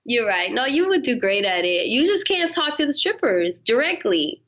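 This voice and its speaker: Bright-voiced woman co-hosting, teasing. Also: on the high side, very animated, moderate pace, muffled recording. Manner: teasing, laughing, playful. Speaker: podcast co-host. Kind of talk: casual chat.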